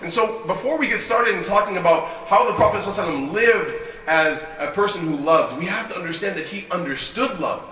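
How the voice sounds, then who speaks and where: A man's voice: high voice, fast, hardly any pauses, pushed and bright. A man giving a sermon as an imam, telling stories animatedly and asking rhetorical questions. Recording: echoey hall, voice from a distance.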